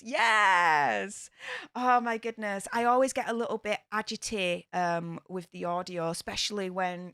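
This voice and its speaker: A woman with a lowish, slightly bright voice hosts a casual livestream from the home studio room of her new house. She sounds chatty and upbeat, using lots of fillers, and there's no echo.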